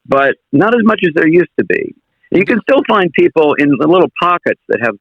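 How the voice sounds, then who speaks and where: A man's voice: fairly high pitch, sing-song, brisk, dry recording, muffled recording. An American man talking as a guest in a casual interview, reflective and circling back to rephrase his points. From United States. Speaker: guest impressionist.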